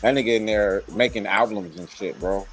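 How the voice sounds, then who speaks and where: Blunt, low-pitched male co-host. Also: moderate pace, soft background music, rough recording. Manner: blunt, slangy, frank opinions. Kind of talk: casual commentary.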